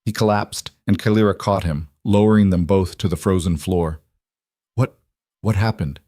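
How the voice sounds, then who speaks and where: A man reading a dramatic story as a narrator, in a steady storytelling manner. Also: deep voice, moderate pace, no echo, studio quality. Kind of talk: scripted narration.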